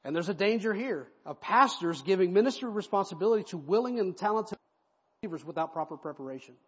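A male pastor preaches in an animated, conversational way, with a high, husky voice that rises and falls widely. He is heard through a dull, lo-fi recording with a long hall echo. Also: fast. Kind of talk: expository sermon. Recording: echoey hall, dull lo-fi sound.

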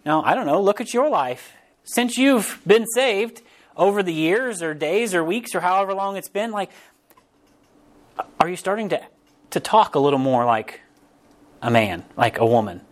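A man preaching a sermon as pastor, in a casual, animated way, often restarting phrases and briefly acting out quotes. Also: high voice, normal speed, pauses often. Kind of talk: conversational sermon.

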